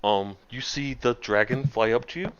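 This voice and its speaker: A man's voice: medium pitch, normal speed, highs cut off, a little hiss or hum. A man running a tabletop game as game master, narrating casually with rambling fillers.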